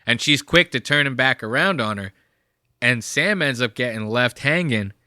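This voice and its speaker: A young male podcast host reacting to clips in casual, profane, rambling talk. His voice is bright and forward. The sound is dry and close. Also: mid-range voice, expressive, normal speed, no echo.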